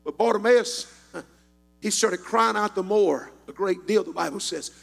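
High-voiced, gravelly preacher man. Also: measured pace, long reverb tail. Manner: rising into shouted, sing-song preaching. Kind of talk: preaching sermon. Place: church sanctuary.

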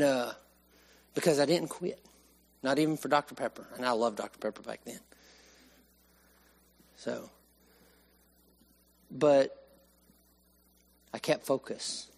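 A man preaching a sermon, swinging from raised emphasis to hushed, slow lines. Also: medium pitch. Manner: animated, with sudden rises and hushed drops.

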